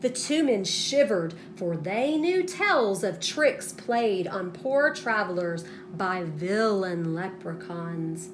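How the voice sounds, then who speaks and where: Slow, expressive woman teacher reading aloud. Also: mid-range voice, a little hiss or hum. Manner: slow, expressive, pauses to prompt students. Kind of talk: reading a storybook aloud to students.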